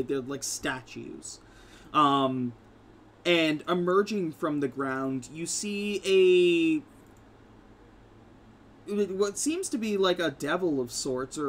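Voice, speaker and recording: Slow, rambling man running a game. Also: fairly high pitch, a bit bright. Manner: rambling, many fillers and restarts. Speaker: game master. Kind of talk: casual game narration.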